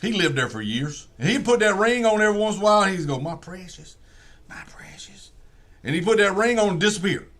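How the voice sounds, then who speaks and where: A man with a drawl spins a comic yarn in a high, bright voice. He rambles from one tangent to the next in a folksy, profane way. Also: animated, racing, hardly any pauses. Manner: folksy, profane, digressive storytelling. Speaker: comedian.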